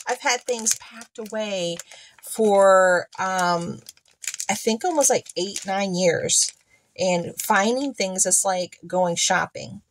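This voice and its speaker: Woman, casual unboxing chat, slow unhurried pace, dry close sound, admiring. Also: mid-range voice, dry recording. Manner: chatty, admiring, asks viewers to look. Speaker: dollhouse miniature vlogger.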